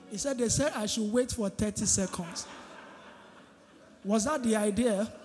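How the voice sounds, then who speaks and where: A pastor preaches in a fairly high voice that carries through a reverberant church hall. He keeps pulling the congregation in with questions and pauses for their answers. Soft music sits quietly behind him. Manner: call-and-response preaching, asking the congregation "what?". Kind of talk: sermon.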